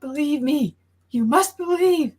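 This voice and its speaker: A man's voice: very high voice, expressive, unhurried, pitched above the performer's own voice. A man voicing a young woman sorceress in a comic book read-aloud, pleading urgently and drawing out his words.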